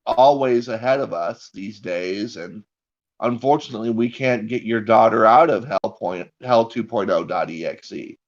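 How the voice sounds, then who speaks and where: A weary, matter-of-fact police officer with a flat, resigned delivery, as a man puts him on in his own voice. It comes over dull, lo-fi stream audio. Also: lowish voice, normal speed, lightly acted.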